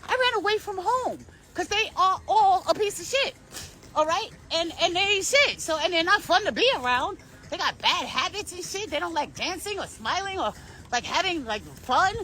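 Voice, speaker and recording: A woman's voice: very high voice, lively intonation, moderate pace, pushed and bright. A woman delivering a rambling personal monologue to camera, profane and intense, with sudden shifts in tone. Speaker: vlogger.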